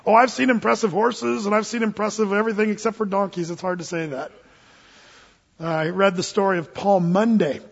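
A man's voice: sits high, fairly even intonation, fairly quick, vocal fry, slightly rough. A man preaching a sermon, earnest and folksy in manner. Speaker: pastor. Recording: dull, echoey church hall recording.

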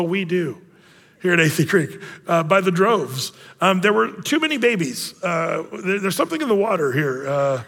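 A man's voice: sits high, fairly bright tone. A male pastor giving a casual, chatty sermon with jokes and plenty of fillers and restarts. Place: church sanctuary. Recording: long church-hall reverb.

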